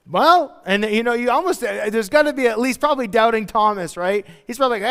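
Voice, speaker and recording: Man, pastor, high voice, casual animated sermon, reverberant church. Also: quick pace, hardly any pauses. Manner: casual, animated preaching with acted-out quotes. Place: church hall.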